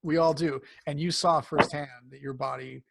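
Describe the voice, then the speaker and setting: A man's voice: on the high side, steady tone, normal speed, gravelly, husky, no room sound. A man speaking as a cancer coach in a conversational interview, rambling with many fillers and restarts, and turning emphatic and enthusiastic when he praises.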